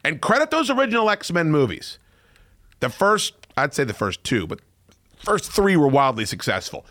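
A man hosting a podcast in casual chat, excitable and profane, often breaking into loud shouting. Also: fairly high pitch, normal speed. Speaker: podcast host.

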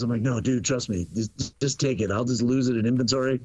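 A middle-aged man telling a story on a podcast, casual and animated, acting out the dialogue and laughing often. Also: medium pitch, fast talker, no room sound. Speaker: podcast guest.

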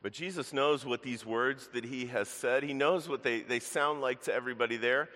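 A man's voice: mid-range voice, moderate pace, bright, forceful tone, in a large hall. A man pastor preaching a sermon in earnest, addressing the congregation directly as church. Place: church sanctuary.

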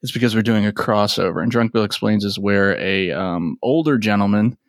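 A man's voice: fairly low pitch, fairly quick, no echo, studio quality. A man hosting a podcast, explaining the show casually and laughing as he goes. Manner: laughs through his explanations. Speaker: podcast host.

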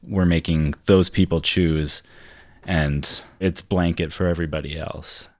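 A man in a casual political discussion, measured and conversational, with frequent fillers. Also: very deep voice, fairly even intonation, no echo.

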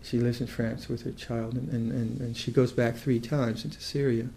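An older man teaching meditation in a mellow, relaxed voice, thinking aloud as he goes. He starts phrases over and over before settling into his point, in the unhurried manner of a dharma talk. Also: medium pitch, creaky, slight background noise. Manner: thoughtful, halting, with many restarts.

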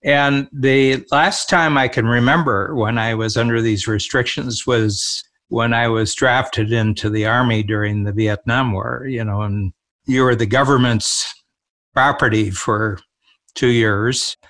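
A man's voice: medium pitch, fairly even intonation, measured pace, a bit bright. An older man, a co-host, talking in a reflective, storytelling manner in a casual conversation.

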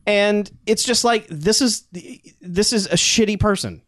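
A man in a casual movie review chat, talking in an animated, sarcastic, profane way. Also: high-pitched, measured pace, no room sound, clean studio sound. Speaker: podcast co-host.

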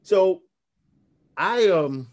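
A man's voice: high voice, very slow, lo-fi sound. A man in his fifties, a graphic novelist and podcast guest, telling stories animatedly and acting out the quotes. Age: 50s. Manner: animated storyteller, acts out quotes. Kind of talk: casual podcast conversation.

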